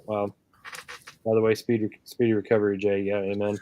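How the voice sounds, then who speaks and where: A man's voice: fairly low pitch, completely flat delivery, normal speed, highs cut off, heavy background noise. A man hosting a casual live chat stream, laughing often and reading out viewer comments. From Canada. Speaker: livestream host.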